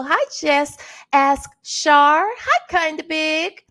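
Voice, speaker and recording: A tired, low-energy woman hosting a casual livestream and greeting her chat one by one. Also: slow, fairly bright tone. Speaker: livestream host.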